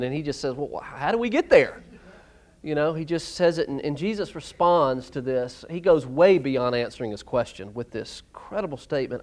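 A male pastor preaching a sermon in a church, emphatic and surging loud on key words. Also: fairly high pitch. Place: church sanctuary.

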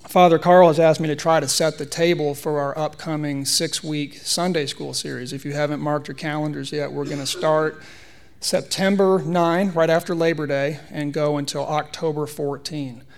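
A man's voice: on the high side, fairly even intonation, moderate pace. A man in his thirties giving a conversational, humorous sermon in a church, telling a personal story. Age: 30s. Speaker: preacher.

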